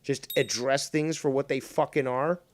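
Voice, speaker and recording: A man hosting a podcast, ranting loudly and with lots of swearing, sometimes mocking other people's voices. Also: medium pitch, steady tone, normal speed, no echo. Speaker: podcast host. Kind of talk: heated casual chat.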